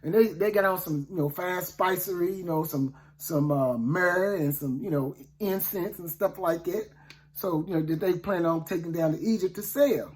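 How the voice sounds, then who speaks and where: A man's voice: high voice, normal speed, a little mellow. Folksy man retelling a Bible story. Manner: folksy, conversational, often asks "you know what I'm saying". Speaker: preacher. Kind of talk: casual first-person Bible storytelling.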